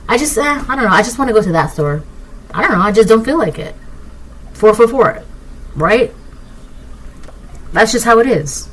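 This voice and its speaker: A woman's voice: a little high, normal speed, pauses often, a little hiss or hum, poor audio. Lady doing a chatty tarot reading, wanders off track a lot, keeps saying right?. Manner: rambling, digressive, excitable. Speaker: tarot reader. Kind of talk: casual collective tarot reading.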